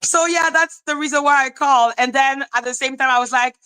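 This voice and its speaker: A woman hosting a podcast, telling a story in casual chat, excitable and animated, swearing and laughing as she retells it. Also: high voice, a little fast, hardly any pauses, poor audio. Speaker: podcast host.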